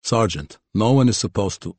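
A male audiobook narrator voicing a stern, grey-haired military major who speaks softly and curtly. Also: animated, normal speed, no room sound. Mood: weary. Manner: low, soft and clipped.

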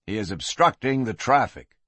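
A man's voice: medium pitch, animated, moderate pace, fairly bright tone, no room sound. A man voicing a stern, hard-edged frontier sheriff who gives clipped commands.

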